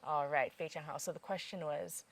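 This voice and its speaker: A woman's voice: low-pitched, fairly even intonation, normal speed, gravelly. A young adult woman hosting an instructional podcast, patiently quizzing listeners with repeated examples as a language teacher. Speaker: Mandarin teacher and podcast host.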